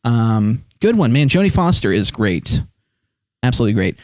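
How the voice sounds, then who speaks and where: A man's voice: medium pitch, sing-song, normal speed, no room sound. A man streaming live, chatting casually about movies and answering chat with lots of ums and uhs. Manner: rambling, many fillers, reads chat aloud.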